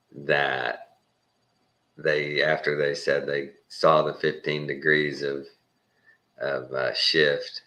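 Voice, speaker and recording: A man's voice: extremely low pitch, sharp tone. A Texan man talking in a rambling, casual monologue, chuckling and mimicking other people's voices as he goes. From Texas. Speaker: channel host.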